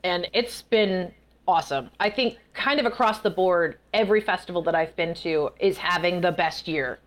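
A woman guest author in a casual interview, telling stories in a chatty, animated way. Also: on the low side, normal speed. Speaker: guest author and festival performer.

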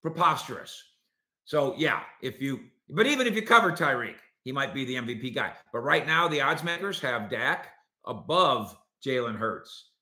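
With a reverberant sound, this medium-pitched man speaks at a moderate pace while hosting his own sports talk show. He's lively and combative in making his points, talking to listeners directly.

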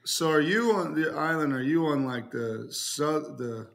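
A man's voice: a little high, a little slow, gravelly. A man hosting a podcast, chatting in a rambling, easygoing way. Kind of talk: casual podcast chat.

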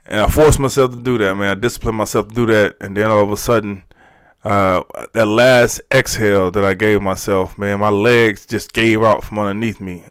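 A man with a lowish voice, recorded dry, tells a personal story as a podcast guest. He's candid and emotional, halting, often restarting and repeating his words.

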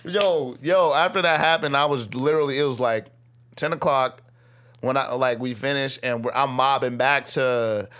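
A young man telling a story in casual chat, slangy and animated, acting out what people said and laughing often. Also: mid-range voice, normal speed. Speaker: guest, rapper.

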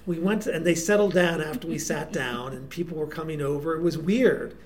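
A man, a guest performer, telling casual anecdotes in an animated way with frequent restarts. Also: fairly high pitch, fairly quick. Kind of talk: casual storytelling.

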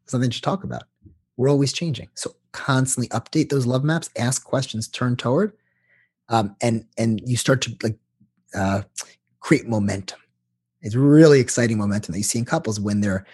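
Husky therapist guy, breathy, super animated, voice swings all over. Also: mid-range voice. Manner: animated, lively explainer. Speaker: couples therapist. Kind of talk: explaining in an interview.

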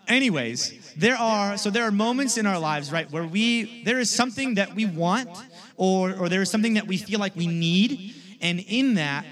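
Young guy preaching to kids, kinda high voice, keeps saying "all right?" as he tells a story. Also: fairly bright tone. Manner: chatty storytelling with frequent "all right?" check-ins. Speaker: youth pastor. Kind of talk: sermon.

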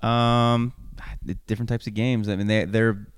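Podcast co-host, male, low and smooth, loose self-correcting delivery, dry close mic. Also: flat delivery, moderate pace, no room sound. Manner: rambling, self-correcting, laughs often. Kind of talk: casual chat.

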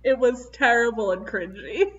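A woman's voice: on the high side, normal speed. Blunt woman, distant and dull-sounding. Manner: blunt and sarcastic. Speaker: podcast co-host. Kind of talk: casual chat.

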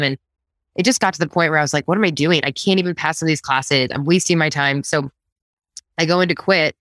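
A woman guest tells her story in a casual interview, animated and quick to laugh. Her voice sits a little low but leaps up when she acts out what others said. The recording is dry and close. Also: no echo. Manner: animated, laughs often, acts out quotes in a higher voice.

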